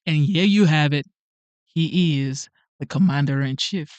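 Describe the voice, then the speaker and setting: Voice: mid-range voice, measured pace, no echo. A naturalized immigrant hosting a political commentary channel, ranting emphatically in slangy speech and repeating punchlines. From immigrant, naturalized in the United States.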